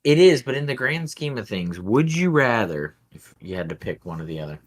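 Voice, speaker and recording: A man's voice: mid-range voice, big pitch swings, fairly quick. A man co-hosting a podcast, chatting casually while tasting a beer, rambling with a wry, dry humor. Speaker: podcast co-host.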